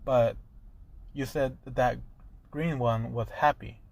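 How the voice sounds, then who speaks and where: A stern but caring grown hero who questions a boy in a formal, measured way, as a man telling the story puts him on. The voice stays at an everyday middle pitch, close to the teller's own. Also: steady tone, vocal fry, a little mellow. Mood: questioning. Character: stern, caring adult male hero and mentor.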